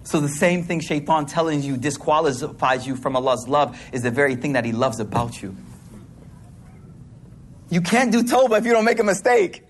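A man preaches a sermon, keeping it loose, slangy and conversational with playful asides. His voice sits a little higher than most men's. A faint hum of room ambience lies underneath. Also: lively intonation, moderate pace. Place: hall with a live congregation.

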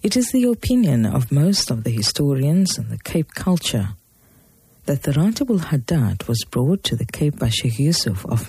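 A male documentary narrator delivers scripted history in a measured, formal way. His voice is mellow and deeply husky, rising and falling with lively intonation. The sound is close and dry. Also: no echo.

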